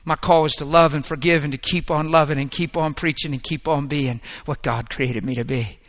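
Preaching a sermon, this man uses an emphatic, repetitive cadence that swings between hushed murmurs and rising, shouted exhortation. His voice sits on the high side with fairly even intonation, and he speaks a little fast.

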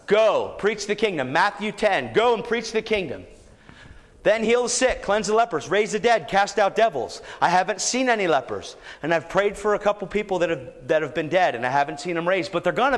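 A man preaching a sermon, telling a story and then exhorting the congregation with rising, shouted emphasis. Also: high voice, expressive, moderate pace. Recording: echoey hall, long reverb.

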